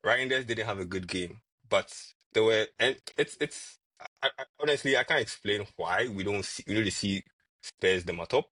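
A man with a husky voice, chatting casually about football as a podcast co-host and repeating words as he argues. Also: fairly low pitch, moderate pace, dry recording. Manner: animated, repeats words when arguing.

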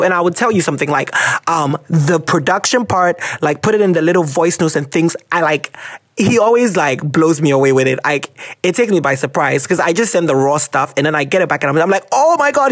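A podcast host with a Ghanaian English accent talks casually and expressively, swinging widely in pitch and hopping between tangents in an animated monologue. The sound is clean studio audio with no room sound.

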